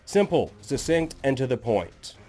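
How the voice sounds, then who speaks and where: A man's voice: mid-range voice, big pitch swings, measured pace, dark tone, faint music behind. Sardonic man narrating comedic lore. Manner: sardonic, jokey, self-deprecating. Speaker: lore channel host.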